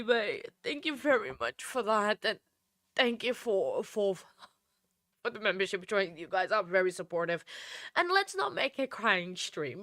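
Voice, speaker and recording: A woman's voice: mid-range voice, bright, forceful tone, no echo, clean studio sound. A woman hosting a casual livestream, tearful and gushing as she thanks viewers with frequent laughter. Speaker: livestream host.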